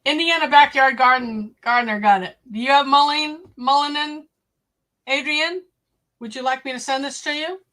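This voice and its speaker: Lady chatting on her homestead livestream, kinda high voice, talks right to viewers. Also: normal speed, bright, forceful tone. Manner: chatty, addresses viewers directly. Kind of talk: casual live-stream chat.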